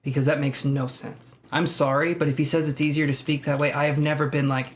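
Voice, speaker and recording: A man with a higher voice runs a live tarot stream, speaking briskly with a flat delivery and hardly any pauses. He chats casually, jokes, laughs often and reads out viewer comments.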